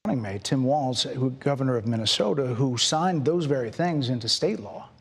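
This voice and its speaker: A man's voice: medium pitch, lively intonation, moderate pace, breathy edge, long reverb tail. A man as a television interviewer asking persistent, probing questions. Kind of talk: pressing broadcast interview questions.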